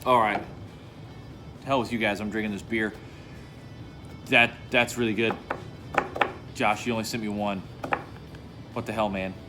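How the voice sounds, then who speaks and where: A man's voice: lowish voice, steady tone, unhurried, pauses often, music in the background. A man casually reviewing a beer in his home basement bar, talking in a laid-back, enthusiastic way and swearing now and then.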